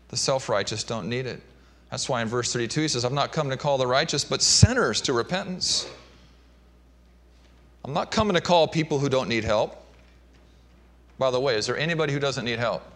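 A man preaching a sermon, shifting between emphatic and hushed delivery. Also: on the high side. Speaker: pastor.

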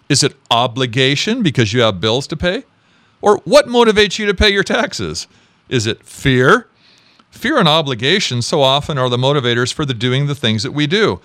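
A man pastor preaching a sermon, asking the congregation questions and moving between quick and slow, emphatic phrasing. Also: mid-range voice, fairly bright tone, dry recording.

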